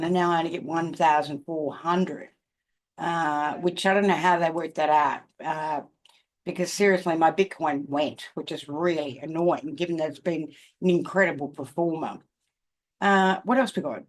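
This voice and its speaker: An older woman with an Australian accent, talking casually to camera about markets, emphatic and often checking in with "okay?". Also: fairly low pitch. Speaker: crypto commentator.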